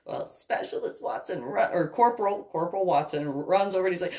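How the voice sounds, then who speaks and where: A woman's voice: lowish voice, expressive, brisk, few pauses, a little mellow. A woman and army veteran telling a story in a casual way, laughing often and acting out every voice.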